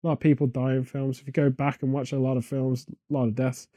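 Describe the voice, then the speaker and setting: A man co-hosting a comedy podcast, rambling through absurd deadpan tangents in casual chat. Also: mid-range voice, fast talker, dry recording, clean studio sound. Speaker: podcast co-host.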